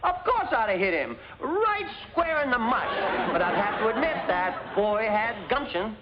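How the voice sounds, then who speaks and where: An actor playing a hot-tempered middle-aged father in a 1950s sitcom, gruff and explosive. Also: high-pitched, very animated, measured pace, a loud crowd, heavy background noise. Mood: blustering. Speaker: father, businessman. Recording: dull lo-fi 1950s TV audio.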